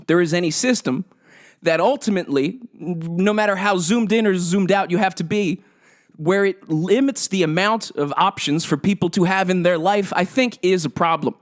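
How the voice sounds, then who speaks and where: Sarcastic, profane man ranting, high voice. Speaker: podcast host. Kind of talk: ranting solo podcast commentary.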